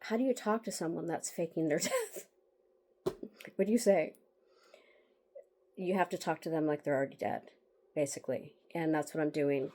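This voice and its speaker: An author in a candid vlog monologue shares a bitter personal story tied to her book, emotional and rambling with restarts and fillers. She sighs and laughs wryly, her low, mellow voice moving at a moderate pace with frequent pauses.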